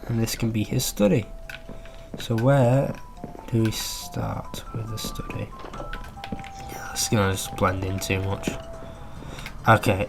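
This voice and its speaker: A man giving casual gameplay commentary, swearing freely and chatting to his in-game pet. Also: lowish voice. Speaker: gamer. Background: clear background music.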